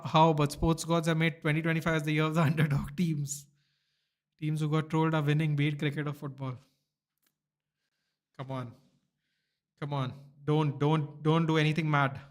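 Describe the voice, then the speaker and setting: A man hosting a live cricket watchalong, reacting excitedly and shouting at big moments with slangy asides. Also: on the high side. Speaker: watchalong host.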